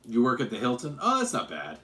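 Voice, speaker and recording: A man's voice: medium pitch, huge pitch swings, a little fast, pushed and bright, echoey room. Rambling, joking male stream host. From Utah. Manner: rambling, self-correcting, joking. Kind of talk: casual livestream chat and Q&A.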